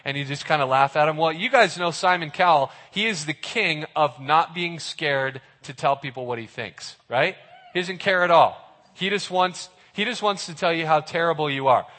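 A man giving a casual sermon, animated and acting out the dialogue of the people in his story. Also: on the high side, normal speed. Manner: animated, acts out the characters' dialogue. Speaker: youth pastor. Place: church hall. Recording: reverberant hall.

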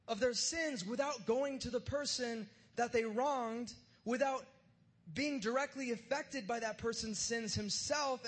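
A man preaching a sermon with a notably high voice. He talks loosely and jokes with everyday slang, like he's chatting with the congregation. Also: fairly bright tone. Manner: casual and joking, uses slang. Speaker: pastor. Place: church service in front of a live crowd.

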